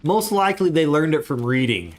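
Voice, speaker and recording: A man's voice: on the high side, big pitch swings, a little fast. A man chatting casually while he livestreams a game, rambling into asides as he plays. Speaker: gaming streamer.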